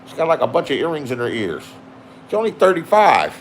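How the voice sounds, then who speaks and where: A man's voice: fairly high pitch, huge pitch swings, fairly quick, a little hiss or hum. A man in his sixties talking casually to camera, rambling and swearing as he reminisces. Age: 60s. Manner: profane, reminiscing, loose and chatty. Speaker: vlogger. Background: music playing.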